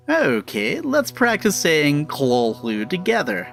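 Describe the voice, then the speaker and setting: Male explainer narrator, instructive and deliberate, very animated pitch. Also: gravelly, faint music behind. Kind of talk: scripted narration.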